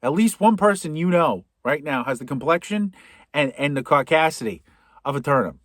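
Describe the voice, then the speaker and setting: A man with a Boston accent rants through a comedic movie recap, sarcastic and profane. His voice sits a bit high. The recording is dry and close. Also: lively intonation, normal speed, a bit bright, no echo. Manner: sarcastic, profane, rambling asides. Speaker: podcast host.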